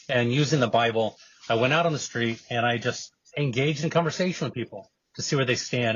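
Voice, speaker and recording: A man's voice: mid-range voice, slightly rough, no echo, muffled recording. A man guesting on a podcast, telling stories and making his case in an earnest, emphatic way. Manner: animated storyteller, earnest and emphatic. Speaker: guest, evangelist and film producer. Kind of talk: storytelling interview answer.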